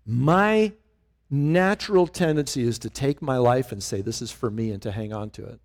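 A middle-aged male pastor delivers an animated, conversational sermon, frequently putting questions to the congregation. He speaks at a medium pitch and a moderate pace.

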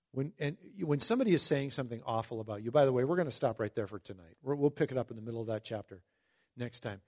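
A man preaching a Bible-teaching sermon in a conversational way, reading scripture slowly and breaking into emphatic asides. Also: medium pitch, dark tone. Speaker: pastor.

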